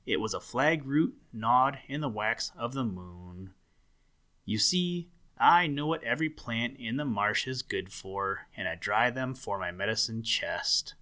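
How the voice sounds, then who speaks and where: Man voicing a smug old muskrat doctor: gruff, severe, bossy, slow storybook delivery. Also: mid-range voice, expressive, sharp tone. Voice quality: gruff, growling.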